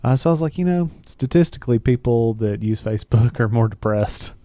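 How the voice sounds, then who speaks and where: A man's voice: mid-range voice, animated, brisk, warm tone, no room sound. A man co-hosting a casual tech radio show, telling stories in a dry, matter-of-fact way. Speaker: co-host.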